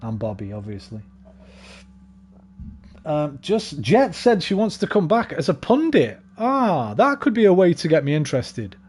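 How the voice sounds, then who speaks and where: A man's voice: on the high side, big pitch swings, measured pace, a little mellow, breathy edge. A young man rambling casually and swearing freely while streaming a game. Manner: rambling, sweary, laid-back. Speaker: gaming streamer. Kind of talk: casual chat while gaming.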